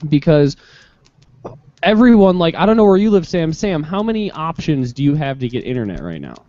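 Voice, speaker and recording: High-voiced, dark-toned man in casual chat. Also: fairly quick. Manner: rambling, lots of "like", rising pitch when excited. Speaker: co-host. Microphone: video call. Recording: dull, dry lo-fi call audio.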